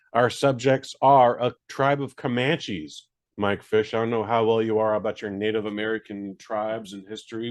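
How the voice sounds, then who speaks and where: A man's voice: fairly low pitch, a little mellow. A man co-hosting a podcast, reviewing a movie in casual, rambling chat with many fillers and jokes at his own expense. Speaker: podcast co-host.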